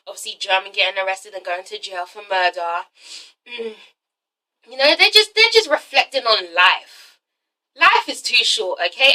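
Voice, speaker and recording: A young woman doing a chatty, excited episode recap, acting out the characters' lines as she goes. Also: mid-range voice, recorded from a distance, low-quality recording. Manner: animated, giggly, slips into dramatic character voices. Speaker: TV episode reviewer. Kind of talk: excited casual recap with acted-out quotes.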